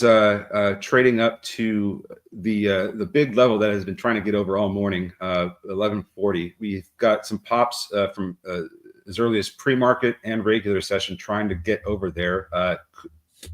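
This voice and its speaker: A man with a low voice talks through price levels on a live trading stream. He halts often and fills gaps with little filler sounds as he watches the charts. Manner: halting, many filler sounds. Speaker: co-host of live market show.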